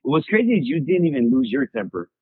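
A man's voice: a little high, wildly swooping pitch, fairly quick, breathy edge, no room sound. A man casually recounting a story on a podcast, heavy on slang fillers and swearing. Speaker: podcast co-host. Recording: dull lo-fi sound, dry.

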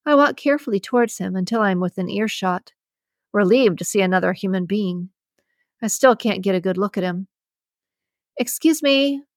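A woman reading a first-person story as an audiobook narrator, with a measured, storytelling delivery. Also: medium pitch, dry recording, clean studio sound.

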